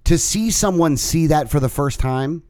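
A man's voice: on the high side, expressive, moderate pace, dark tone, no echo, clean studio sound. A man co-hosting a podcast, telling a casual story in a rambling, profane way with lots of restarts. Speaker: podcast co-host.

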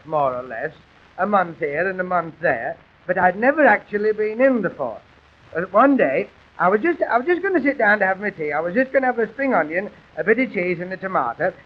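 A man playing a weary, rambling police constable, telling deadpan comic stories on a dull old gramophone recording. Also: high-pitched, a little fast. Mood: chatty. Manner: chatty, rambling, self-pitying with deadpan gags. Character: weary, grumbling male police constable on the beat. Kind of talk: music-hall comic monologue and patter.

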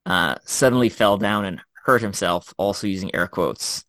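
Animated storytelling man, low and dry. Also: moderate pace, no room sound. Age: middle-aged. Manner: animated storyteller, many fillers and restarts. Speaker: former Special Forces officer, guest co-host. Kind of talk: casual podcast chat, storytelling.

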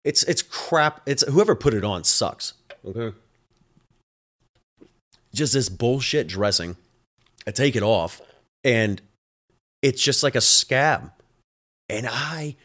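A man's voice: lowish voice, fairly bright tone. A man hosting his own show, a home health nurse telling a work story in a casual, exasperated way, often swearing.

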